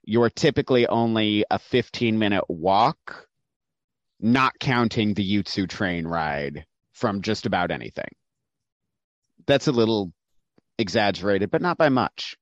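A man narrating as game master for a tabletop game, measured and descriptive with occasional fillers. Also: lowish voice, animated, no echo. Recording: dull dry lo-fi sound.

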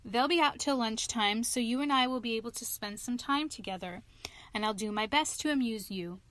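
A woman's voice: on the high side, a little fast, fairly bright tone, dry recording, lightly acted. A woman reading a storybook, voicing a kindly, practical male water rat who talks in a hearty, bracing way. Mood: hearty, brisk.

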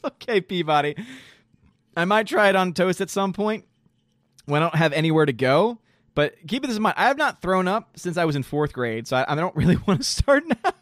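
A man casually live-streaming, reading chat aloud and reacting in an animated way, throwing in lots of "dude" and "man.". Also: high-pitched, moderate pace, pauses often, dry recording, clean studio sound. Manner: animated, exclaiming, says "dude" and "man" a lot.

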